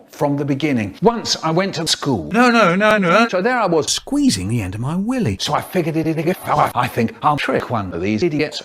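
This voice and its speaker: A man rambles through a crude, comic story about a school day, his pitch and loudness jumping suddenly.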